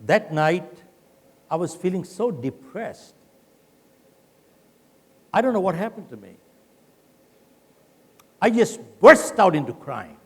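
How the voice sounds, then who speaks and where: Animated older man, high lively voice. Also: slow pace, pauses often, slightly rough. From India. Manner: animated storytelling with acted quotes. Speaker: keynote speaker. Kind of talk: motivational keynote speech. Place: large conference hall. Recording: long hall reverb.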